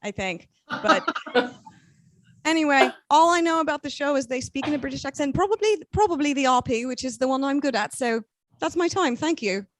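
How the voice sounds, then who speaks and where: A woman comedian doing a deadpan, self-deprecating stand-up set on a video call, with filler-heavy pauses. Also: sits high, slight background noise.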